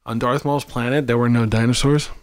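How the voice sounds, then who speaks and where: A young man co-hosting a podcast, throwing in quick deadpan quips in casual chat. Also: mid-range voice, no room sound, clean studio sound. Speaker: podcast co-host.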